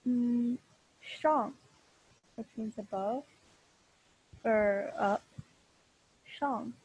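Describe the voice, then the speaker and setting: A young woman teaching a live online class, speaking very slowly and patiently through a computer mic. Her voice is mellow and a little husky, a bit higher than most, and she keeps stopping to restart her sentences. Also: no room sound, highs cut off. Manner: slow, patient explaining with frequent fillers and restarts. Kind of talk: online class lesson over video call. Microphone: computer mic on a video call.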